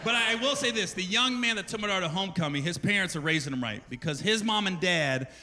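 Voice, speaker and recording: Animated profane male stand-up comic. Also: high-pitched, fast, background noise. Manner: profane, animated storytelling with put-on voices. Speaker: stand-up comedian. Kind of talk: stand-up comedy set. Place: large theater stage before a laughing audience. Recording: live concert recording with loud crowd and long reverb.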